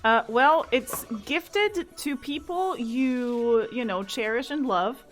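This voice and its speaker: Higher-voiced woman chatting easily, laughing often. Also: slow, soft background music. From Portugal. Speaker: podcast co-host. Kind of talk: casual live podcast chat.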